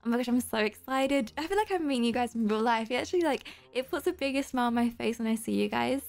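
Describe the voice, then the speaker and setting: A woman hosting a Roblox gameplay video, talking straight to her viewers in an excitable, gushing way full of gasps and squeals. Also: fairly high pitch, fast, vocal fry. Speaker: YouTuber host.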